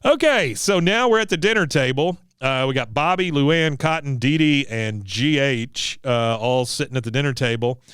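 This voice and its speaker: A man's voice: mid-range voice, expressive, moderate pace, hardly any pauses, a bit bright, clear, resonant tone, dry recording, studio quality. A man hosting a podcast, casually recapping a cartoon episode in a rambling, laughing way. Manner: laughing, rambling, with many fillers. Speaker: podcast host.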